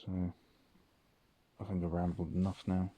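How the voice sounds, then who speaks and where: Deep, slow-talking man rambling. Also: completely flat delivery, mellow, a little hiss or hum. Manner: rambling, frequent ums, swears casually. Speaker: vlogger. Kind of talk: late-night rambling storytelling.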